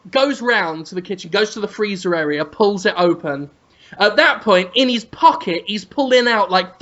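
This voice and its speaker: A man telling an absurd, vulgar comic story as a podcast co-host. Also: sits high. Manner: animated, vulgar, deadpan absurd. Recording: dull lo-fi audio.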